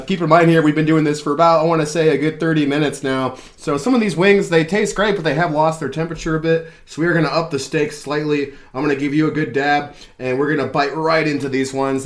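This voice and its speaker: Rambling male host, halting speech. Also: on the high side, fairly even intonation. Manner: halting, rambling, full of fillers and restarts. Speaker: host of a hot wings interview parody. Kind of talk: casual interview chat.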